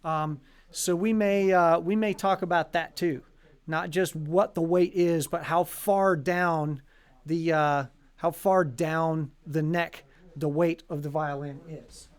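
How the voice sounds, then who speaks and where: A man with a high, light voice hosts a casual live stream for a violin shop. He talks in a loose, joking way, with plenty of ums and likes. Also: fairly even intonation, slow, clear, resonant tone. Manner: chatty, joking, lots of fillers.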